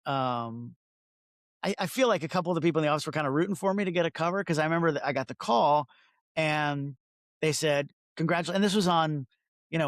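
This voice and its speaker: Middle-aged male guest, slightly high, gravelly voice, dry close mic, chatty anecdotes. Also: a bit bright, dry recording. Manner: chatty, self-interrupting, acts out quoted dialogue. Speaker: photographer, interview guest. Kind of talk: casual storytelling interview.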